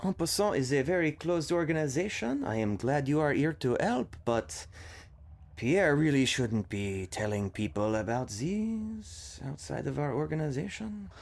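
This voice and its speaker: A man's voice: on the high side, very animated, unhurried, gravelly, full character voice. A man voicing a suspicious, impatient queen of a secret order with a French accent.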